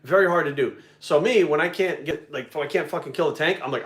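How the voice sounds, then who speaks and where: A man telling a story in casual chat, animated and full of swearing. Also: fairly high pitch, a little fast, hardly any pauses. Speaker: video creator and host. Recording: echoey room.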